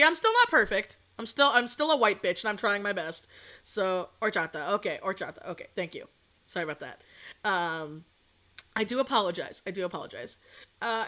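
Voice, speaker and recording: A woman's voice: medium pitch, bright, forceful tone. A young adult woman streaming as a VTuber, chatting casually and rambling, swearing freely and laughing often. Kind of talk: casual chat.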